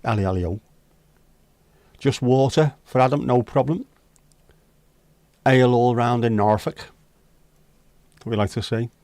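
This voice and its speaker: A man hosting a casual virtual pub livestream reads viewers' comments, chatting, joking and bantering with chat. His medium-pitched voice is steady and a little mellow, and he keeps a measured pace, pausing often. No room sound is present.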